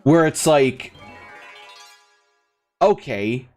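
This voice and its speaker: Over faint background music, a gaming channel host speaks very slowly in a darkish, fairly high voice with lively intonation. He's a young man ranting casually over gameplay, rambling and swearing, with plenty of fillers and restarts.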